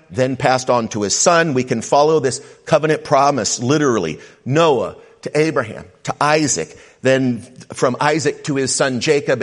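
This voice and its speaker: A man preaching a sermon as a pastor, reading scripture passages aloud and then restating them with emphasis. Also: mid-range voice. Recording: reverberant hall.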